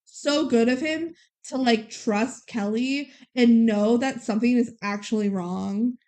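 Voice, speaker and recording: Animated higher-voiced woman recapping a film. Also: a little slow. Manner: animated retelling, acts out characters' lines. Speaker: podcast co-host. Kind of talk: casual chat recapping a movie.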